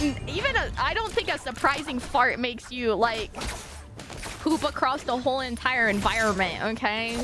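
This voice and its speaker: A woman's voice: on the high side, expressive, moderate pace. A young woman streaming live, chatting casually with her viewers in a giggly, rambling, apologetic way.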